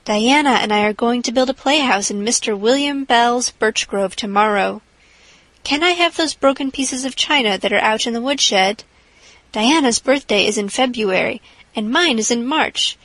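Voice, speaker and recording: A woman's voice: on the high side, moderate pace, fairly bright tone, dry recording, rough recording. Anne, a woman reading a gushing young girl. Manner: breathless, gushing and dreamy. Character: chattering imaginative young orphan girl. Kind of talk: audiobook character reading.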